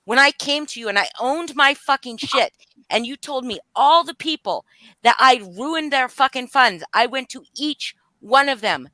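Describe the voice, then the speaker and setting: Woman, fired-up livestream confrontation, profane and heated, bright voice, dry close sound. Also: high-pitched, animated, normal speed, no echo. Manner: angry, profane, voice rising and falling. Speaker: livestream guest speaking out. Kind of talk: emotional live-stream confrontation.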